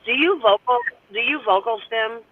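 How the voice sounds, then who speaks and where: A woman's voice: on the high side, normal speed, husky, no echo, narrow, tinny audio. A woman in casual chat, talking animatedly and swearing freely. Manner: animated, swears freely, breaks into shouts and laughs.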